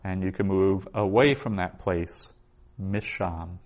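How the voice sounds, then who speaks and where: A male teacher lectures a class on Hebrew vocabulary and grammar. He speaks slowly and deliberately in a fairly low voice, saying each word twice before explaining it. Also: darkish tone.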